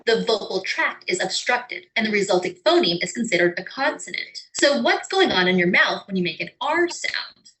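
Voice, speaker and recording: A woman with an American accent giving clear, scripted educational narration. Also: mid-range voice, big pitch swings, normal speed, pushed and bright, low-quality recording. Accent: General American. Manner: clear, explanatory, with sung or acted example words.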